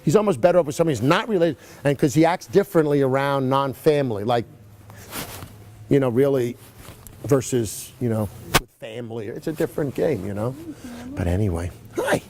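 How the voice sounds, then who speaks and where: A man's voice: medium pitch, lively intonation, fairly quick, darkish tone, a little hiss or hum. A middle-aged man coaching riders at a horse clinic, rambling and chatty with lots of asides. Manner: rambling, chatty, full of "you know" asides. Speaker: riding clinician. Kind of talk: casual coaching chat. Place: horse arena.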